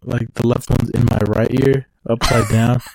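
A man's voice: medium pitch, flat delivery, moderate pace, gravelly, a little mellow, no echo. A young man co-hosting a casual podcast, loose and profane, often breaking into laughter. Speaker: podcast co-host. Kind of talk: casual chat.

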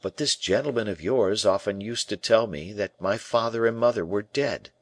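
A man's voice: on the low side, normal speed, dry recording, lightly acted. A man reading the part of a proud, earnest young male prisoner who presses with searching, defiant questions.

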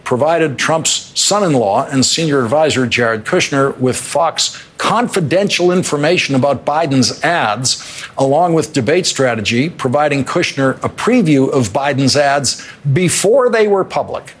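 A male news reporter reading a report in a measured way. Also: fairly high pitch, expressive, breathy edge.

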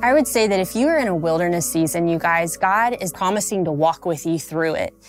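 A woman's voice: lowish voice, expressive, fairly quick, over music. A woman guest on a podcast, speaking earnestly and emotionally to encourage listeners. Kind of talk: heartfelt encouragement.

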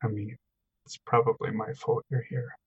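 A player voicing a husky, troubled young man. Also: mid-range voice, little pitch movement, normal speed, highs cut off. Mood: subdued. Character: troubled young man losing control of a power. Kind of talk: in-character tabletop role-play.

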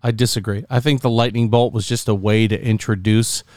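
A man casually discussing a movie on a podcast, animated and acting out characters in funny voices. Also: on the low side, moderate pace, no room sound, studio quality.

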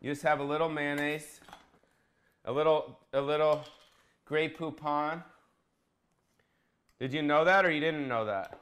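A man's voice: fairly high pitch, fairly even intonation, a little slow, long pauses, a bit bright. A man hosting a casual comedic cooking vlog, bossy and profane, teasing his cameraman. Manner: crude, bossy, joking, profane.

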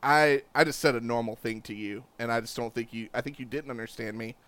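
Man, slight Southern twang, podcast co-host, relaxed joking, clear resonant tone. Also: medium pitch, brisk. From Charlotte area. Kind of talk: casual sports chat.

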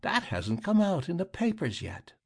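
A man doing a rasping grim deputy. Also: high voice, wildly swooping pitch, normal speed, pitched above the performer's own voice, exaggerated voice. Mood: accusing. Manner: accusing, relentless questioning. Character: grim rasping middle-aged male deputy.

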